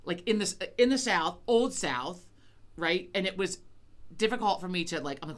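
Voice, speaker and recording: A woman's voice: mid-range voice, very animated, fairly quick, a bit bright. A middle-aged woman co-hosting a chat podcast, rambling casually and swearing a lot, with many fillers and restarts. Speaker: podcast co-host.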